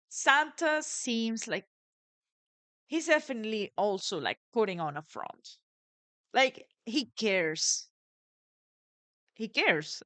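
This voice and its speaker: A woman's voice: medium pitch, a bit bright, no room sound. Chatty woman musing over a game. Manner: chatty, musing, wondering aloud. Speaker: let's play streamer. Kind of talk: casual game commentary and reading aloud.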